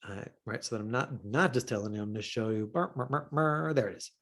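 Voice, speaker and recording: A middle-aged man teaching acting in a casual, talkative way, full of fillers and quick asides. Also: mid-range voice, fairly bright tone. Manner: chatty, full of fillers, breaks into quoted voices.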